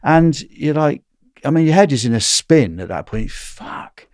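A man's voice: on the high side, moderate pace, dry recording, studio quality. Man telling prison stories. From England. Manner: animated, recounts dialogue, frequent "right?" tag. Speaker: guest. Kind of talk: casual storytelling interview.

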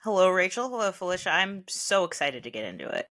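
A woman comedian and writer speaking as an interview guest, articulate and measured. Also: on the low side, sing-song, fairly bright tone, slight background noise. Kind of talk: interview answers.

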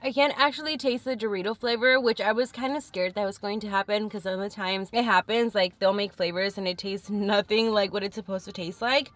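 A woman's voice: medium pitch, steady tone, brisk, hardly any pauses, fairly bright tone. A young woman chatting frankly and thinking aloud as she tastes food in a casual eating vlog. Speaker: food vlogger.

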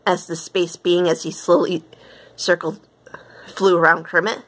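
A woman reading a children's storybook aloud in a plain, steady narrating voice. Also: lowish voice, moderate pace. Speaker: storybook reader.

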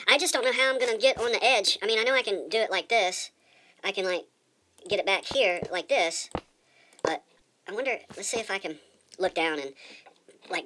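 A woman's voice: mid-range voice, bright, forceful tone, a little hiss or hum. A woman giving casual let's-play commentary as she plays, chatty and rambling, often repeating her words. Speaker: gamer.

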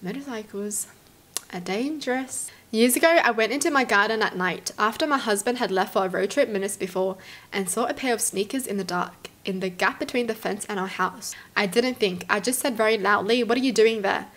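A young woman from Australia, hosting and reading stories aloud, then reacting to them with animated exclamations. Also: medium pitch, brisk. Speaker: host.

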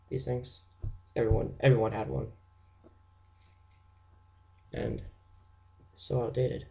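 Gravelly teenage boy ranting jokily. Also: mid-range voice, highs cut off. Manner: jokey, rambling, with hushed whispered asides. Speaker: vlogger. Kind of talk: rambling comic rant.

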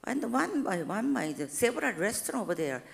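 A middle-aged woman with a Korean accent, a university president giving a church testimony in halting, simple English with frequent restarts and an animated, expressive delivery. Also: mid-range voice, creaky. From South Korea. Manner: animated and expressive, rising when emphatic.

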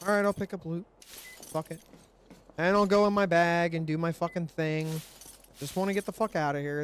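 A man's voice: on the high side, fairly even intonation, normal speed, pauses often, a little hiss or hum. Profane, frustrated man doing gameplay commentary. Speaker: gaming channel host. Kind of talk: let's play commentary.

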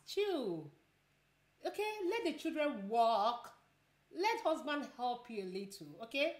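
Woman vlogger, higher voice, chatty and emphatic, recorded in an echoey room. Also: fairly bright tone. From Nigeria. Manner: chatty, repeats words for emphasis, eats between phrases. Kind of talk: casual mukbang vlog chat.

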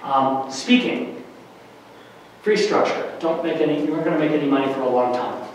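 A middle-aged man giving a lively workshop lecture to faculty, varying his loudness for emphasis, with many fillers. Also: on the high side, moderate pace, a little hiss or hum. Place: large lecture room. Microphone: distant room mic. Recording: very echoey hall from far off.

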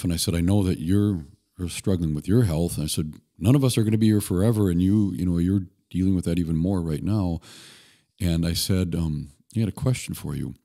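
A man guest on a podcast, telling stories in an earnest, relaxed way with occasional restarts. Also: deep voice. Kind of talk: conversational storytelling.

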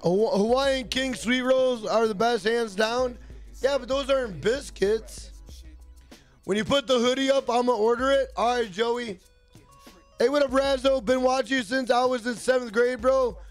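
High-voiced, profane male game streamer. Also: normal speed, soft background music. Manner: rambling, profane, jokey, reads chat aloud. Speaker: gaming streamer. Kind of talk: casual live-stream chat.

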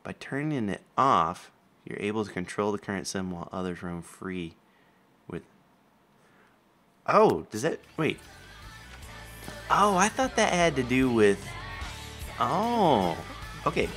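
A man casually commenting while playing a life-simulation video game, talking to the characters and jumping up in pitch when surprised. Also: sing-song, slow, pauses often, fairly bright tone, soft background music. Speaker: gameplay commentator. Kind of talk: casual let's play commentary.

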